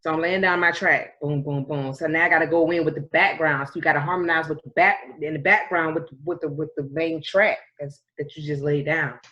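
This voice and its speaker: A female podcast co-host in casual chat explains things at length and breaks into snatches of song. Her voice sits low with a steady tone, pushed and bright, coming a little fast with few pauses over dull audio.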